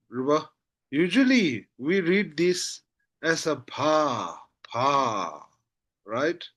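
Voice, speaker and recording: Casting note: man as an unhurried language tutor, fairly high and very lively in pitch, patient and repetitive. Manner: patient, repeats syllables slowly, checks understanding often. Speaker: Tibetan language teacher. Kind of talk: slow spoken lesson.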